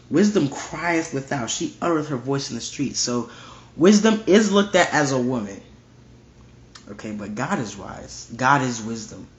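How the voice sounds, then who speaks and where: Reading scripture aloud, a man teaches a casual verse-by-verse Bible study and stresses his points by repeating them. He speaks at medium pitch; the lo-fi recording sounds roomy and dull, with slight background noise.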